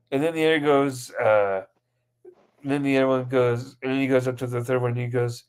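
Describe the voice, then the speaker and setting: A man in casual podcast chat, retelling comedy sketches with gusto and acting out each character's lines. His voice sits at an ordinary middle pitch. He rambles and restarts as he gets caught up in the story. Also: steady tone, brisk, a little mellow, clean tone. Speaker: podcast co-host.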